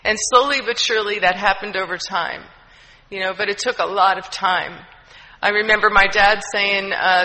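A woman's voice: mid-range voice, steady tone, moderate pace, bright, forceful tone. A woman giving an earnest, heartfelt personal testimony, with many fillers. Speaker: speaker sharing a recovery story. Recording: long hall reverb.

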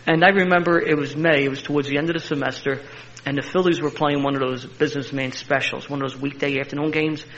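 Older Philly man spinning a fast yarn. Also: on the high side. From Philadelphia. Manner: animated, laughing storyteller with a street-tough edge. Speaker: interview guest. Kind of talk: personal storytelling. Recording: slightly muffled recording.

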